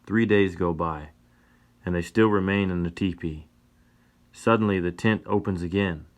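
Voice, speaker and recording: A man narrating a western story in a deliberate, measured reading. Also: low-pitched.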